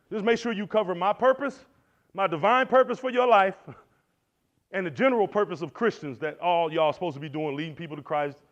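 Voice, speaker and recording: A man teaching at a Christian men's conference, animated and preacherly, swinging between loud and soft. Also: high voice. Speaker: conference speaker. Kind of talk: motivational church teaching. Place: lecture hall. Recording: dull lo-fi recording.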